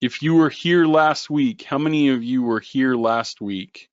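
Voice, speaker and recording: A man hosting a live trading webinar, joking and animated as he talks to viewers by name. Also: medium pitch, unhurried, dry recording. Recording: dull lo-fi webinar audio.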